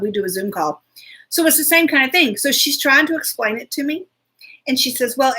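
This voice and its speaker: Husky chatty woman host. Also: a little high. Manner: chatty, animated storytelling with asides. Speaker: show host. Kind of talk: casual live chat with viewers.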